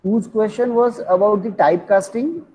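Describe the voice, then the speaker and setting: A man co-teaching an online class, speaking hesitantly with many "uh" pauses in a husky voice. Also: high voice, dark tone, rough recording. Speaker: co-instructor.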